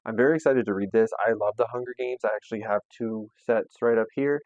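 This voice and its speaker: A man's voice: lowish voice, fast talker, a little mellow, dry recording, dull audio. Sassy, chatty young man. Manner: chatty, sassy and playful, with slang. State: a little out of breath. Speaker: booktube host. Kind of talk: casual book haul vlog.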